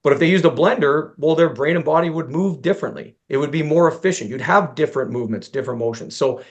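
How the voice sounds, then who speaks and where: A man's voice: fairly high pitch, quick pace, lo-fi sound. A man giving a conversational presentation to fellow golf instructors. He tells a long self-deprecating story, acts out both sides of the dialogue, and often restarts his sentences.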